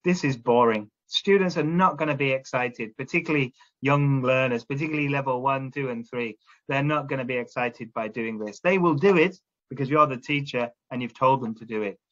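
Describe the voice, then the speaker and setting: A man's voice: medium pitch, brisk, fairly bright tone, lo-fi sound. A man training teachers, explaining classroom drilling step by step and often checking in with "okay?". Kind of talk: instructional talk to teachers.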